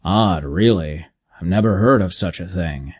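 A gruff, middle-aged station manager with an air of administrative authority, wary and blunt, as an audiobook narrator puts him on. His voice sits a little low, and he speaks in short, dry, businesslike lines. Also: a little slow, darkish tone. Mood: wry. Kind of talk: audiobook character voice.

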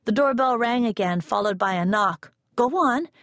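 A woman narrating a first-person novel as an audiobook, in a measured, unhurried reading. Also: mid-range voice, no room sound, studio quality.

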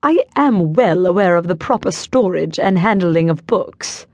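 A woman's voice: lowish voice, lively intonation, measured pace, darkish tone, no echo. A woman voicing a snooty, thin male rare-book collector with a put-on British accent, enunciating each word with care. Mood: haughty.

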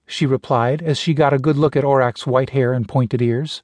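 A man narrating a science-fiction audiobook in a steady, even storytelling voice. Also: medium pitch, fairly quick, hardly any pauses, dry recording, clean studio sound. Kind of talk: scripted narration.

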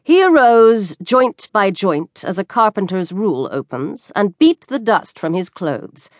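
A woman narrating a classic short story as an audiobook, with expressive, lively storytelling. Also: medium pitch, measured pace, no echo.

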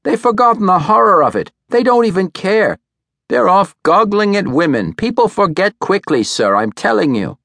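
A man's voice: high voice, very animated, normal speed, fairly bright tone, dry recording, clean studio sound, voice pushed up, exaggerated voice. A man voicing a scornful elderly woman who rants and scolds, in an audiobook reading. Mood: ranting. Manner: scolding, complaining rant.

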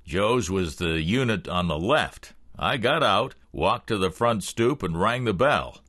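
A man narrating a thriller audiobook in the first person with expressive storytelling. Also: on the low side, measured pace, dry recording, clean studio sound.

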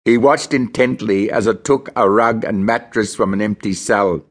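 A man from Australia reads a novel aloud in the first person, measured and grim. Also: lowish voice. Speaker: audiobook narrator.

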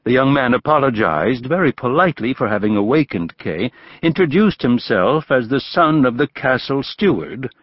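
A man narrating an audiobook in a measured, expressive storytelling manner. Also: mid-range voice, no echo, lo-fi sound. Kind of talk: scripted narration.

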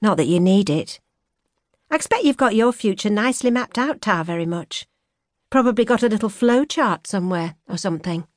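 A woman's voice: mid-range voice, expressive, dry recording, pitched above the performer's own voice, close to an everyday voice. A woman narrator voicing a young Yorkshire woman, earnest and teasing, in an audiobook. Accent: soft Yorkshire. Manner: teasing, idealistic, quick to mock. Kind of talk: audiobook character voice. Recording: dry studio recording.

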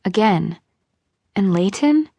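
A woman reads a novel aloud with expressive storytelling, her voice at a middle pitch. The recording is close and dry. She shifts her voice to play each character. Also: takes it slowly, vocal fry, husky, dry recording. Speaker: audiobook narrator. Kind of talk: scripted narration.

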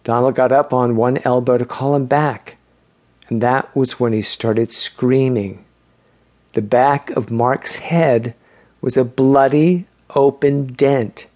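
A male audiobook narrator reads a novel in scripted narration. His pace is slow and deliberate, the storytelling measured and even. The voice sits in a middle pitch.

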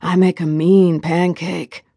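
A woman's voice: fairly low pitch, flat delivery, takes it slowly, creaky, mellow, husky, no echo, studio quality, full character voice. A woman voicing a charming, easygoing young man in an audiobook, affectionate and teasing. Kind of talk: audiobook character voice.

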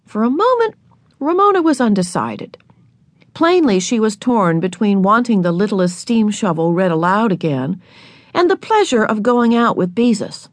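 A woman narrating a children's audiobook in a scripted, expressive storytelling manner, recorded in a studio. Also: medium pitch, normal speed, dry recording.

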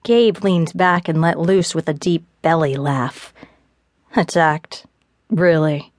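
A woman narrating a first-person romance audiobook in a steady, measured way on a close studio mic. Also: fairly low pitch, no echo.

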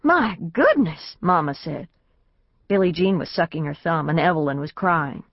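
Woman narrating an audiobook, lowish voice. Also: fairly even intonation, moderate pace, gravelly, dry recording. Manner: plain storytelling, lifts her voice for the family's lines. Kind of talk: unabridged novel narration, first person. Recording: dry, slightly dull studio recording.

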